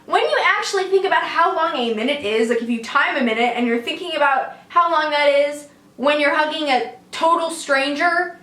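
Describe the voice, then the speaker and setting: A young woman telling a story in a casual, animated way, with lots of fillers. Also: high voice, normal speed, echoey room.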